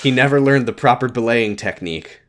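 Man, podcast co-host, casual chat, middle pitch, sarcastic, profane, deadpan. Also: a little fast.

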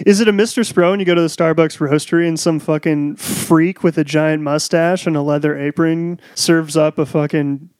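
A man's voice: a little high, fairly even intonation, normal speed, hardly any pauses, darkish tone, clear, resonant tone, no echo. A young man in casual chat, riffing and mocking with lots of swearing.

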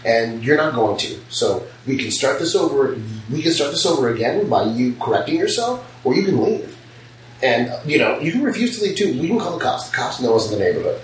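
Brief: quick-talking, foul-mouthed shop owner chatting, miked from a distance in a roomy space. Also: male voice, mid-range voice, very animated, slight background noise. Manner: blunt, profane storytelling. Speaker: piercing studio owner. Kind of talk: casual podcast chat. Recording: roomy, distant mic, faint ambience.

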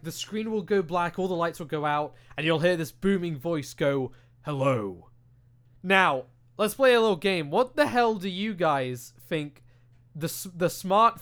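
A man's voice: a little high, a bit bright, smooth. A young British man chatting casually into a desk mic on a podcast, ranting animatedly with lots of swearing and filler words. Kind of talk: casual chat. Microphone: desk microphone.

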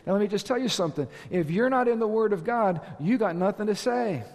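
A man with a notably high voice delivers an emphatic sermon, driving points home with repeated phrases and rising exclamations. The long reverb of a church hall trails behind every line. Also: lively intonation, brisk, a little mellow. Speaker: pastor.

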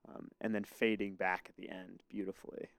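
An American man co-hosting a podcast, talking through a song in a thoughtful, measured way. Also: low voice, little pitch movement, gravelly, no room sound, studio quality. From United States. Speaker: podcast co-host. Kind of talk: casual music discussion.

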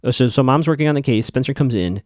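A man's voice: mid-range voice, quick pace, a little mellow, dry recording, clean studio sound. A man hosting a podcast, giving a casual, opinionated recap of a TV episode with skeptical asides. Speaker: podcast host.

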